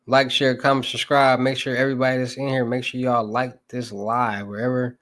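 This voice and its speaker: A man's voice: mid-range voice, level tone, fairly quick, a bit bright, no echo. A young man with a Southern US accent, hosting a livestream in loose, rambling casual chat and asking his viewers for topics. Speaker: livestream host.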